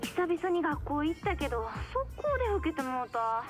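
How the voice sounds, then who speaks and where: A woman's voice: high voice, sing-song, fast talker, faint music behind. A woman playing a bored young college girl, speaking with a Kansai accent in a languid, drawling way. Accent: Kansai Japanese.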